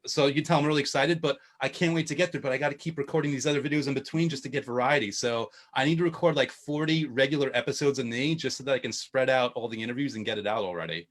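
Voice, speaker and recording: A man chatting as a show guest, telling animated stories and laughing often. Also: mid-range voice, rapid-fire, hardly any pauses. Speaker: guest, video podcaster. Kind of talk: casual chat.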